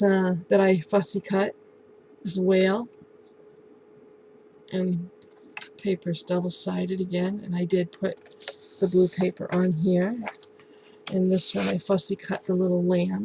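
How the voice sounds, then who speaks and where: A woman crafter talks through a handmade project in an easygoing show-and-tell. Her voice has a gravelly, creaky edge and stays fairly level in pitch. She pauses often with ums and restarts her sentences, and a faint hiss sits under the recording. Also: low-quality recording. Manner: relaxed, halting, lots of ums and restarts. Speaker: crafting vlogger.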